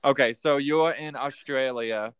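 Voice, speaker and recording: A man's voice: mid-range voice, unhurried, a bit bright, clear, resonant tone, no room sound. Joking man hosting a podcast. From United States. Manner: joking, laughs often. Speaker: podcast host. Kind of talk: casual chat.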